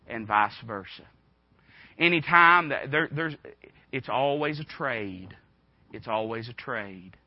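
A man's voice: on the high side, no room sound. A man preaching a sermon in a folksy, conversational way, full of rhetorical questions. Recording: dull dry recording.

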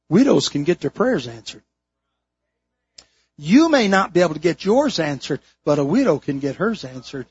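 A man preaching a sermon from the pulpit, stressing key words and slowing down on them, his throat strained. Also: a little high, slightly rough. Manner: emphatic preaching, dwelling slowly on key words. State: throat strain, holding back tears. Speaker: pastor. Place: church sanctuary, from the pulpit. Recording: dull lo-fi sermon recording.

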